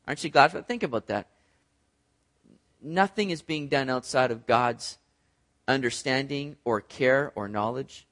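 High-voiced pastor preaching conversationally. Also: male voice, a bit bright. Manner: conversational preaching, addresses listeners as guys; acts out voices in an illustrative story. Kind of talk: sermon.

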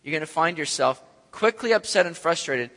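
A man preaching a sermon, animated, acting out scenes and swinging from loud to soft. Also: a little high, brisk. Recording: echoey hall.

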